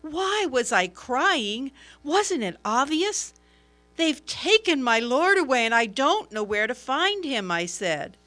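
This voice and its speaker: A woman's voice: high-pitched, very animated, slow pace, few pauses, fairly bright tone, exaggerated voice. A woman voicing Mary, a grieving follower of Jesus, in an earnest and emotional first-person dramatic monologue. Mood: sorrowful. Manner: earnest, emotional, swelling at moments of wonder.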